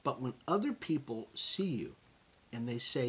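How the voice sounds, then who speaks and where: A middle-aged American man hosting a motivational podcast, talking in an animated, conversational way and calling his listeners folks. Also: medium pitch, normal speed, breathy edge. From United States. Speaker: podcast host.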